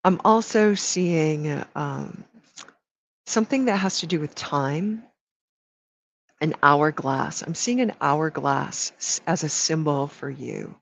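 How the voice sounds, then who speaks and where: A woman's voice: deep voice, lively intonation, takes it slowly, creaky. A woman energy healer giving a live energy reading, speaking affectionately to each person and drawing out her words. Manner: affectionate, calls people sweetheart and baby. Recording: dull lo-fi audio.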